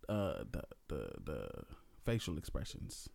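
A man's voice: extremely low pitch, huge pitch swings, measured pace, creaky, darkish tone. Laid-back young man, defensive. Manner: laid-back, explains with computer comparisons, defensive. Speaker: husband in a couple's talk. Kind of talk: casual argumentative chat.

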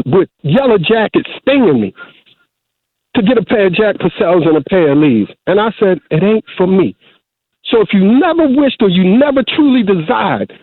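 A middle-aged man with a high voice calls in to a talk show with an emotional monologue, preaching, repeating himself heavily, and restarting often. The phone line sounds tinny, with no echo.

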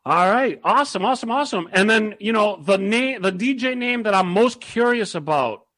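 A man's voice: high-pitched, lively intonation, normal speed, bright, forceful tone. A man hosting a casual interview, enthusiastic and joking with his guests. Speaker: host.

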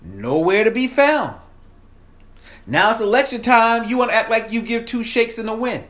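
Heated man with a high voice. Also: animated, normal speed, fairly bright tone. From American South. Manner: heated, profane, emphatic. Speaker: political commentator. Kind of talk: ranting monologue.

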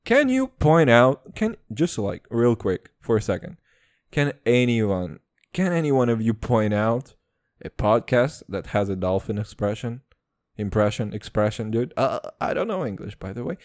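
A man's voice: mid-range voice, very animated, normal speed, no echo, studio quality. A young man with an accent between Eastern European and American, hosting a casual solo podcast in a rambling, profane, self-mocking way. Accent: mixed Eastern European and American. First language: Serbian or Turkish. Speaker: podcast host.

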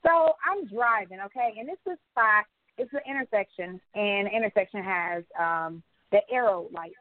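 Animated woman telling stories over a phone line. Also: mid-range voice, moderate pace, no echo. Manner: animated storytelling, swears freely. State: pregnant. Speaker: podcast co-host. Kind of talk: casual chat.

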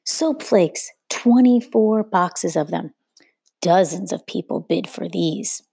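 A woman reading aloud voices a shrill, showy woman trader calling out to a crowd like a market hawker. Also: slow pace, creaky, warm tone, breathy edge, no echo, exaggerated voice. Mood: hawking.

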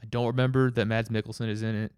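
A man chatting casually, rambling with halting restarts and laughing as he goes. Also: on the low side, little pitch movement, a little mellow, clear, resonant tone, no room sound, studio quality. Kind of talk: casual chat.

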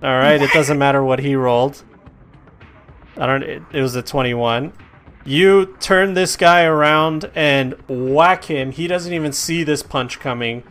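A man's voice: on the high side, unhurried, a bit bright, soft background music. Casual man running a tabletop game. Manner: casual, chatty narration with fillers. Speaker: game master.

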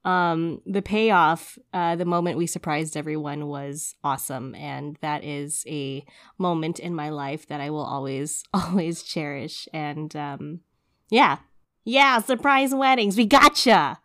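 A woman's voice: deep voice, a little slow, fairly bright tone. Woman in her 30s, podcast co-host, giggly, upbeat, casual chat, lots of ums. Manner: giggly, upbeat, many fillers.

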